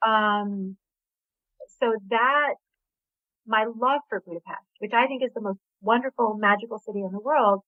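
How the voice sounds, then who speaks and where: Over a dry, tinny phone connection, a middle-aged woman born in Hungary talks in an American accent as a novelist being interviewed. Her voice is a little high, her pace moderate, and there's no room sound. The chat is casual, chatty, and enthusiastic, with small laughs.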